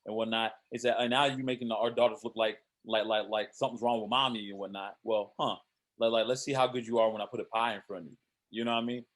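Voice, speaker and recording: A man's voice: fairly low pitch, fairly even intonation, fast. A man co-hosting a casual show review, rambling with lots of "you know" fillers.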